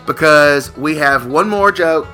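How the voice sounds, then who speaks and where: A man's voice: on the high side, unhurried. Playful teasing radio guy telling jokes, faint music behind. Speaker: radio show co-host. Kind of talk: joke-telling radio banter.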